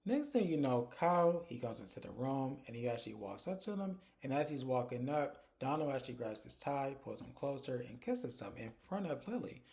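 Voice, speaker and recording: Man, mellow tone, casual episode recap, chatty storytelling. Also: medium pitch, very animated, fairly quick, gravelly, few pauses. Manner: chatty storytelling, strings events with "and so" and "like". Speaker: TV episode reviewer.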